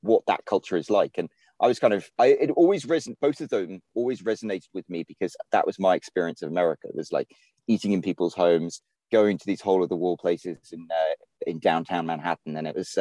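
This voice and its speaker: British guest writer, low mellow voice, rambling casual storyteller. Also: male voice, fairly quick, dry recording. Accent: British English. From England. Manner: rambling, many fillers and restarts. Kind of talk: casual podcast chat.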